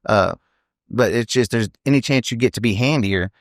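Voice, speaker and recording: A man in his thirties, a professional team roper, telling stories in a casual, animated podcast interview and often tacking on "you know what I mean". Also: medium pitch, moderate pace, no echo, studio quality.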